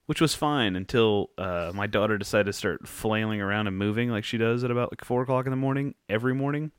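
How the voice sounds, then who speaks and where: A man in casual chat, telling relaxed, profane anecdotes. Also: fairly low pitch, a little fast, smooth, no echo. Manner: laid-back storyteller, swears freely.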